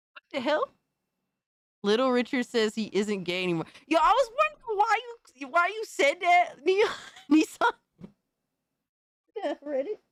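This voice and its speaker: Woman streamer, casual reaction chat, mock-outraged, swears, higher voice, swooping pitch. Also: fairly bright tone, no echo, clean studio sound. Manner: mock outrage, swears, calls everyone bro. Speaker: streamer host.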